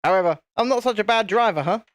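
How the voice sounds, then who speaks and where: A British male live-stream host chats casually with viewers, talkative and self-deprecating, in a high voice at a quick pace. The sound is dry.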